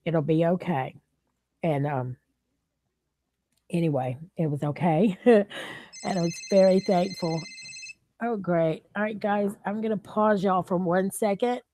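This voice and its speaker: A woman's voice: lowish voice, measured pace, long pauses, warm tone, no echo. A middle-aged woman, chatting emotionally and rambling to her viewers. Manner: rambling, emotional, repeats herself. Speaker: vlogger. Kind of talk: emotional casual chat to viewers.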